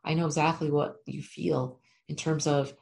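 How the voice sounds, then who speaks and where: Woman, low voice, gravelly, earnest motivational coach, keeps asking right. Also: flat delivery, moderate pace, a little mellow. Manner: earnest, repetitive, often asks "right?". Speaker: spiritual coach reading oracle cards. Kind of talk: motivational talk to viewers.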